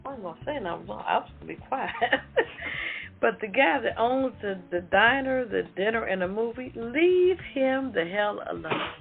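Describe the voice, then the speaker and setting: A woman's voice: fairly high pitch, expressive, moderate pace, creaky. A woman co-hosting a casual talk show, heated and emphatic, cussing as she talks. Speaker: co-host. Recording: tinny phone-line audio, faint music.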